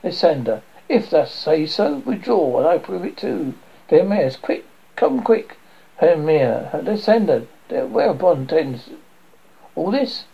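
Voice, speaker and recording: A man's voice: on the high side, big pitch swings, a little slow, gravelly, husky, highs cut off. A man reading a play aloud who names each character before the line. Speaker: reader.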